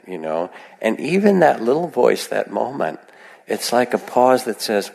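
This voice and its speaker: A man giving a gentle, reflective meditation talk to a live audience, chatting with many asides. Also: medium pitch, sing-song, normal speed, vocal fry. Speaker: meditation teacher. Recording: long hall reverb.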